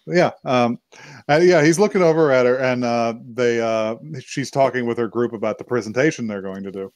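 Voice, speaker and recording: A man's voice: mid-range voice, a little fast, darkish tone, dry recording. A man co-hosting a podcast, casually and profanely retelling an anime episode, slipping into characters' lines as he goes. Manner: loose and profane, acts out characters' lines mid-story. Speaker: podcast co-host. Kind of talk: casual chat recapping an anime.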